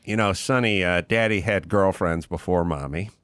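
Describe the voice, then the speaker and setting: A middle-aged man hosting a casual chat, an animated storyteller who loudly imitates other people. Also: low voice, normal speed, smooth, no room sound, studio quality. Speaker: podcast host.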